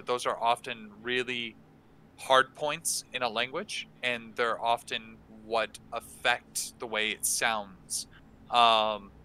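Casting note: unhurried man as game-master teacher, crisp clear tone, halting delivery. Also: mid-range voice, pushed and bright, low-quality recording. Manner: halting, many fillers and restarts. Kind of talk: casual instructional talk. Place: online stream.

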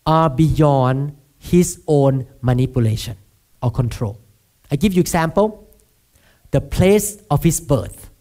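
A Thai pastor from Thailand, speaking with a Thai accent, preaches a sermon and keeps prompting the congregation to respond, mixing in self-deprecating humor. His male voice sits high and has a warm tone.

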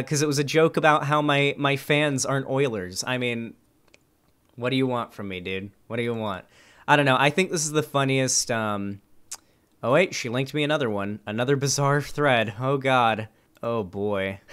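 A man's voice: mid-range voice, moderate pace, clear, resonant tone. A young man streaming, reading online comments aloud and reacting with casual, sarcastic commentary and frequent swearing. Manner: sarcastic, animated, swears freely.

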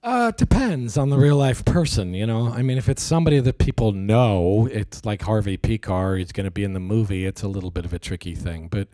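Middle-aged guy, low mellow voice, rambles and restarts, jumps up lively when he tells a story. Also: fairly quick, hardly any pauses, no room sound, studio quality. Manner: hesitant, restarts, acts out quoted voices animatedly. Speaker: actor interviewee. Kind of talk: casual interview storytelling.

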